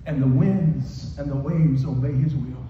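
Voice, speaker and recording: A male pastor preaching a sermon with emphatic repetition, moving from raised, shouted lines to soft ones. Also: medium pitch, unhurried, a little hiss or hum. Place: church hall. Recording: echoey hall from far off, dull.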